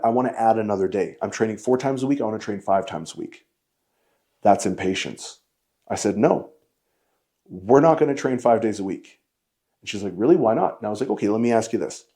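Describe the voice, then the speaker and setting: Male fitness coach, mellow tone, blunt and emphatic lecturing delivery. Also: lowish voice. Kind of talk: direct-to-camera coaching lesson.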